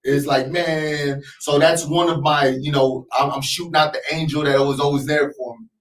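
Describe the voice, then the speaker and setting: A man telling a story as a guest on a radio interview, animated and acting out the voices. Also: on the high side, moderate pace. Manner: animated, acts out voices in his stories. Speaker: interview guest, clothing designer. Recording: echoey, distant mic.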